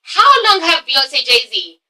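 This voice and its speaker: A woman's voice: high-pitched, big pitch swings, slow, sharp tone, recorded from a distance, low-quality recording. A young woman with an English accent giving a blunt, sassy review, swearing freely and tagging "okay?" onto her points. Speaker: vlogger reviewing a reality show. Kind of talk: casual sassy commentary.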